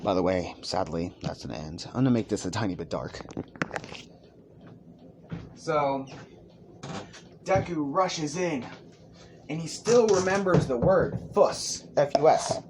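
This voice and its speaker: A man's voice: medium pitch, lively intonation, takes it slowly, pauses often, noisy background. A man improvising a fan story, rambling casually and correcting himself as he goes.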